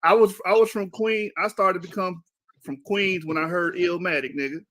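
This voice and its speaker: A man with a high voice throws in playful, joking banter during a casual group conversation. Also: fairly even intonation, brisk, fairly bright tone.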